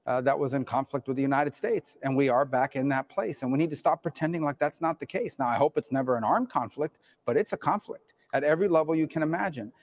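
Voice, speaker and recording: Casting a male commentator, slightly high, fast and emphatic. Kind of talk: political commentary clip.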